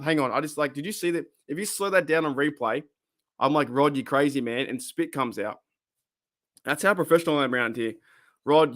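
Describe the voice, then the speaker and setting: A man's voice: mid-range voice, fairly bright tone. A man hosting a casual live-streamed fan podcast, rambling and reacting to chat comments. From Australia.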